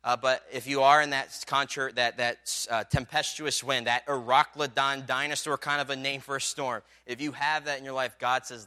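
A man delivers a sermon in a conversational storytelling way, full of little fillers. His voice is bright and forceful, smooth and crisp. He builds toward loud, emphatic moments. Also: medium pitch, a little fast, hardly any pauses. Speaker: pastor.

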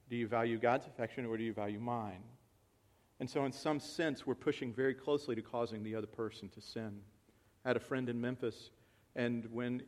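A man preaching a sermon, moving from quiet, reflective talk to loud, excited calls to the congregation. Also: medium pitch. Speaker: pastor.

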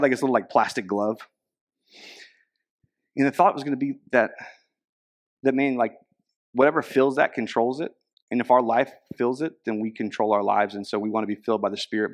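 A young man preaching a sermon as a pastor, casual and conversational, with frequent fillers. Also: on the low side.

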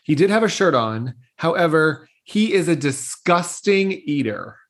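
Recapping a TV episode on a laid-back podcast, a woman co-host tells the story playfully and laughs a lot. She has a low, expressive voice and speaks a little slowly.

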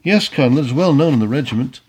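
A man's voice: medium pitch, animated, very fast, a little mellow, husky, rough recording. A man voicing a hesitant, deferential army orderly in an audiobook. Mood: nervous. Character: nervous young army orderly.

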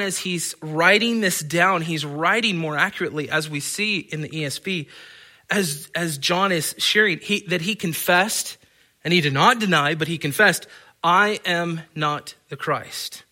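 A man's voice: fairly high pitch, bright, forceful tone. A man preaching a sermon in an earnest, emphatic way, often stammering and restarting his phrases. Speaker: pastor.

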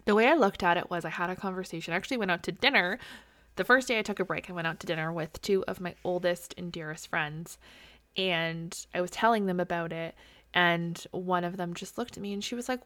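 A woman's voice: fairly low pitch, a little fast, fairly bright tone, no echo. A woman in her thirties hosting a solo podcast, talking candidly and openly, with casual swearing. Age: 30s. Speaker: podcast host. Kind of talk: solo personal podcast talk.

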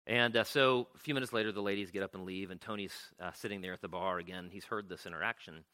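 A man's voice: low-pitched, steady tone, fast talker, bright, forceful tone. A man retelling a story to an audience in a loose, chatty way, full of fillers and restarts. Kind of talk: conversational storytelling talk.

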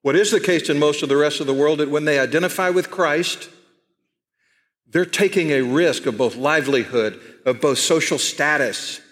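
A middle-aged man with a Texan accent preaching a sermon to his church, emphatic and repeating key phrases, slowing down to stress his points. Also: fairly high pitch, fairly bright tone, long reverb tail. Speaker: pastor. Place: church sanctuary.

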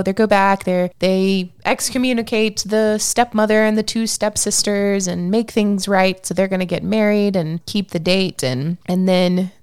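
A woman co-hosting a casual podcast, talking through a movie she enjoyed. Her voice sits at a medium pitch and is recorded dry and close, with no room sound. She laughs easily and retells scenes with animation. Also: clean tone, dry recording. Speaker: podcast co-host. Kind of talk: casual movie review chat.

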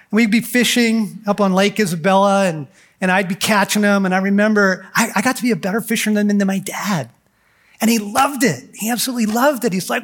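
Man, middle-aged, somewhat high voice, earnest, animated, heartfelt talk to men. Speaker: speaker at a men's conference. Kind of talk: heartfelt talk to a men's gathering.

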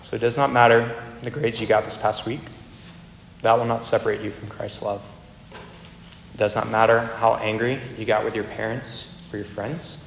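A man preaching a sermon as a campus minister, earnest, with a repetitive cadence that slows down for emphasis. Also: on the low side, steady tone, vocal fry, a little hiss or hum. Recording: echoey hall, faint ambience.

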